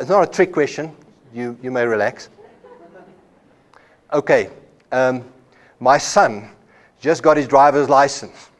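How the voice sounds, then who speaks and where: A man lecturing at a Bible college in an unhurried, mid-pitched voice. He explains ideas with homely examples and often repeats a word as he restarts a phrase. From South Africa. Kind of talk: classroom lecture.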